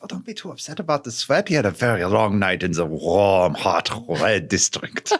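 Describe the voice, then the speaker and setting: A man's voice: deep voice, expressive, moderate pace. A man voicing a cheerful, bumbling male druid who chirps apologies and drops a German phrase, in a tabletop role-play. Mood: chirpy.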